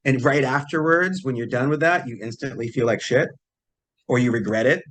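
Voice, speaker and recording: A man's voice: mid-range voice, normal speed. Guy on a podcast telling a story, laid back, voices the quotes. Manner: relaxed, acts out quoted dialogue. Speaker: podcast guest, psychic healer. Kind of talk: casual storytelling.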